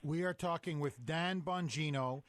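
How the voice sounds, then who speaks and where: A man's voice: a little high, measured pace. A male radio host asking the guest a string of probing questions.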